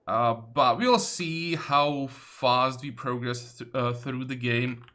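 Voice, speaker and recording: Man, slow unhurried pace, bright tone, thinking-aloud game commentary. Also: mid-range voice. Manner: thinking aloud, many fillers and self-corrections. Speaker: let's play host. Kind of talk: casual gameplay commentary.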